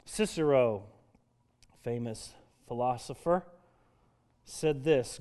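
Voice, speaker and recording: A middle-aged man from Denver preaching a sermon as pastor, moving between emphatic declarations and soft, reflective passages. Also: medium pitch, a little slow. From Denver, Colorado.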